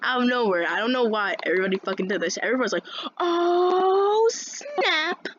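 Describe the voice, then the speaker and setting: A woman's voice: mid-range voice, racing, a bit bright. A woman vlogger telling a story as a casual rant, rambling and swearing a lot, with many restarts. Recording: dull lo-fi sound with faint noise.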